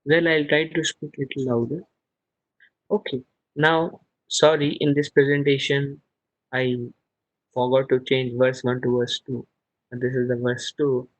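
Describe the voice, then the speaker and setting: A man's voice: mid-range voice, little pitch movement, a little slow, long pauses, dry recording, poor audio. A man teaching a scripture class over a video call, explaining verses word by word and chanting Sanskrit lines. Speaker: spiritual teacher.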